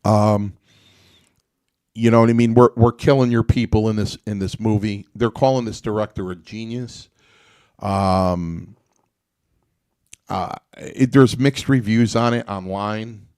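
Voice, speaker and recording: A man's voice: on the low side, fairly even intonation, a little slow, pauses often, a little mellow, smooth, no echo, studio quality. A man hosting a casual talk show, telling stories in a rambling way with many restarts and fillers. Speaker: podcast host. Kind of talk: casual chat.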